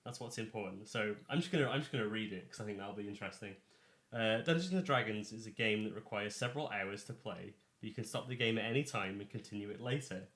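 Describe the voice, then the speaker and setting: Low-voiced man running a tabletop game. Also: quick pace, fairly bright tone. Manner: rambling, self-correcting, chatty. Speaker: dungeon master. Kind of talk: casual tabletop game prep on stream. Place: home. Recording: echoey room.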